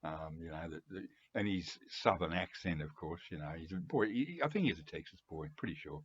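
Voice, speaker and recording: An Australian man in his seventies, rambling chattily with chuckles and throat-clearing in a lo-fi home recording. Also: low-pitched, animated, fairly quick, slight background noise. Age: 70s. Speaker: music collector video host. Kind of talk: casual rambling monologue to camera.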